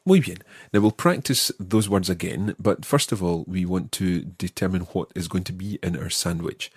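Patient husky male language teacher. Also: sits low, dry recording, studio quality. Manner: patient, explanatory, slows down to model words. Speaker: language teacher, podcast host. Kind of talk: audio language lesson.

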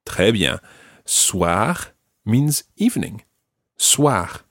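A Scottish man teaching a language lesson, slowly modelling French words for a learner to repeat. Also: on the low side, lively intonation, darkish tone, husky, dry recording, clean studio sound. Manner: slow, careful modelling of French words for repetition.

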